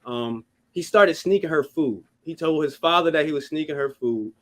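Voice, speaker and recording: A man's voice: on the high side, normal speed. A man co-hosting a casual podcast, animatedly recounting a film in loose, profane language. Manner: profane, animated movie recap. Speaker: podcast co-host.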